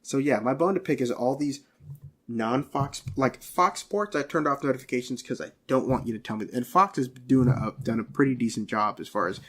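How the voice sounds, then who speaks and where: A man's voice: mid-range voice, brisk, fairly bright tone. A man co-hosting a casual podcast, ranting in an exasperated, profane way. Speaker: podcast co-host.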